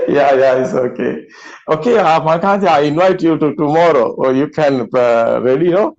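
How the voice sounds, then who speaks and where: A man's voice: on the high side, normal speed, a little mellow, dull audio. A man hosting an online meeting, speaking casually with many fillers and frequent laughs. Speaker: meeting host. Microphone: video call.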